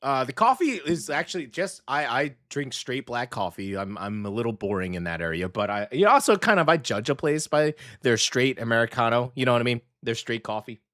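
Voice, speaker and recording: Chatty American radio host, dry sound. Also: male voice, mid-range voice, a little fast, few pauses, no room sound. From United States. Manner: chatty, self-correcting, animated asides. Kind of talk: casual radio food segment. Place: radio studio.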